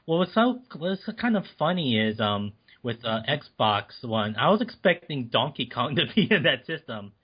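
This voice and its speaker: A man co-hosting a podcast in casual chat, speaking in halting, easygoing bits with restarts and fillers. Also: mid-range voice, very animated, husky. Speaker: podcast co-host. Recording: dull lo-fi recording.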